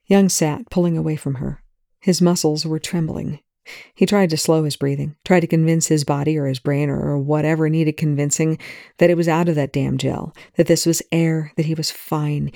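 A reader narrating a fan fiction chapter in a measured way, sometimes dropping to a whisper. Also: medium pitch, fairly even intonation, gravelly, dark tone, no room sound. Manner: measured, drops to whispers at tense moments. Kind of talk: audiobook narration. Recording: dry close recording.

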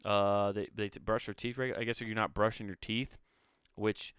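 A man's voice: on the low side, flat delivery, fairly quick, a bit bright, clear, resonant tone, dry recording, clean studio sound. A man casually reading an article aloud and breaking off to ramble, swear and make sarcastic asides. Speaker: video host.

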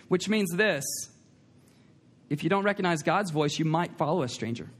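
High-voiced man preaching a sermon. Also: animated, normal speed. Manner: emphatic, repeats key lines, asks the congregation questions. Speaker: pastor. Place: church sanctuary.

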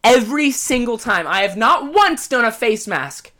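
A man's voice: very high-pitched, very animated, normal speed, pushed and bright. A man hosting a podcast, talking in a casual monologue, with a profane, exasperated, comic ranting manner. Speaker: podcast host.

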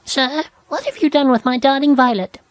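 A woman putting on a shrill, pompous rich lady. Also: normal speed, no room sound, lightly acted. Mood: indignant. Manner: indignant, fussing over her dog.

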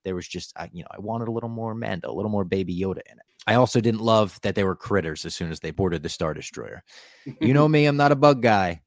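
A man's voice: lowish voice, animated, fast talker, no echo, clean studio sound. A man on a podcast recapping a TV episode in casual, enthusiastic talk, retelling scenes. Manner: enthusiastic, narrates scenes with acted quotes. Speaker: podcast co-host.

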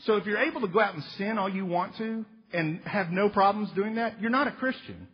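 A man preaching a sermon in an animated, joking, emphatic way, now and then acting out little voices. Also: high-pitched, a little fast, slightly rough. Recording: reverberant hall, dull lo-fi sound.

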